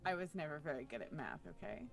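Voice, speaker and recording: A woman's voice: deep voice, very animated, fast talker, gravelly, faint music behind. A woman playing a tabletop role-playing game in character, sarcastic and short of breath. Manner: sarcastic, joking to cope. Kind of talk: in-character role-play banter.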